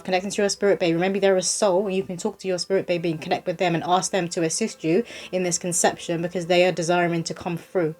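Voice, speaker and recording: A woman's voice: fairly low pitch, darkish tone, slight background noise. A woman giving a chatty, reassuring tarot reading and speaking straight to the viewer. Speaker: psychic medium doing a tarot reading. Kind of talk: casual spoken tarot reading.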